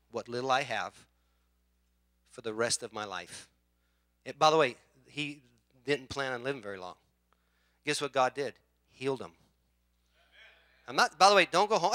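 A man preaching a sermon as pastor, telling a story with acted-out voices and swinging from quiet asides to loud shouts. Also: medium pitch, dry recording.

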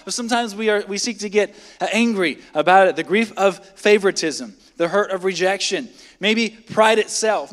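In a church sanctuary, a man with a high, slightly bright voice preaches a midweek sermon. He speaks conversationally, firing rhetorical questions at the congregation, and a long hall reverb trails his words.

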